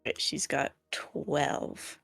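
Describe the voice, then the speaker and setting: A woman playing a tabletop game, speaking for her character with forceful insistence. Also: very slow, no echo, faint music behind. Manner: hesitant at first, then forceful. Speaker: player. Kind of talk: tabletop role-play.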